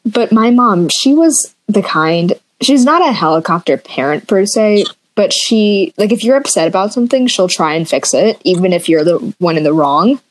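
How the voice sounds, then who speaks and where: Young woman, podcast co-host, giggly animated storyteller, casual chat. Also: medium pitch, moderate pace, hardly any pauses.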